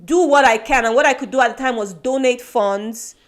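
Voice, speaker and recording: In a slightly high voice that goes a little fast, a podcast co-host born in Nigeria chats casually. She comes across as earnest and self-reflective, with many restarts.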